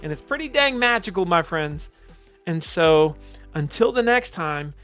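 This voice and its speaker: A man coaching salespeople on camera, talking slowly, calmly and deliberately. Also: high voice, soft background music. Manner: slow, calm, deliberate coaching delivery. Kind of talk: direct-to-camera teaching.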